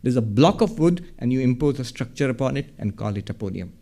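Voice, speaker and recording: A Vedanta lecturer gives a public talk from a hall podium, explaining concepts and putting rhetorical questions to the audience. He has a medium-pitched, warm voice with lively intonation and a brisk delivery.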